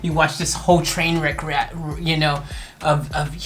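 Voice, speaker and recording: A woman's voice: sits low, fairly even intonation, normal speed. A woman from the United States hosting a casual reaction video, rambling and self-mocking with lots of fillers.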